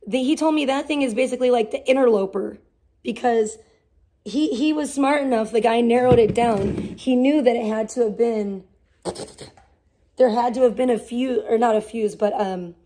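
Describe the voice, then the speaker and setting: A young woman livestreaming from her garage, rambling and swearing heavily in casual chat. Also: a little high. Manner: heavy swearing, rambling and animated. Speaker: livestream host. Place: garage at home.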